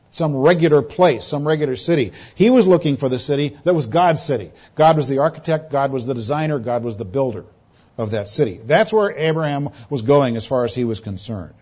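A man preaches an earnest expository sermon in a slightly high voice. He leans on repeated words and phrases to drive each point home. The recording sounds dull and lo-fi. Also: a little mellow, breathy edge.

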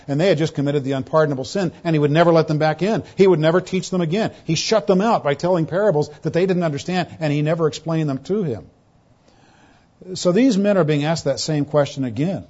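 Emphatic preacher man, dull lo-fi recording. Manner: emphatic, rising to loud pointed quotes then dropping to hushed lows. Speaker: pastor. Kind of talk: expository sermon.

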